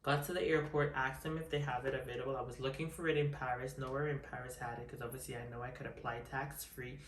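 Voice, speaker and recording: A woman's voice: very deep voice, steady tone, fast talker, reverberant, recorded from a distance, a little hiss or hum. A woman chatting casually in an unboxing vlog, sassy and flamboyant, calling her viewers honey. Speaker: vlogger.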